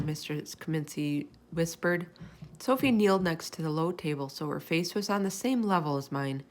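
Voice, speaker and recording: A woman reading a children's chapter book aloud in an expressive, animated storytelling manner. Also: low voice, normal speed, gravelly.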